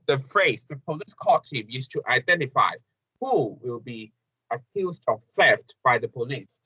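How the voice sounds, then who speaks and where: A man teaching an English grammar lesson, halting and repeating phrases with many fillers. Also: mid-range voice, pushed and bright, husky, no room sound. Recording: dull lo-fi classroom recording.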